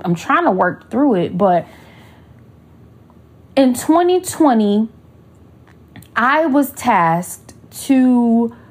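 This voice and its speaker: Husky woman host, casual and animated, slangy storytelling, acts out other people's voices. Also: medium pitch. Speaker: podcast host.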